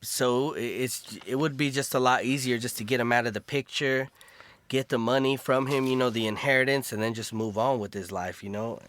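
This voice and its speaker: A man co-hosting a casual podcast chat thoughtfully walks through his reasoning one step at a time. His voice is medium in pitch and a bit bright, with fairly even intonation and a fairly quick pace.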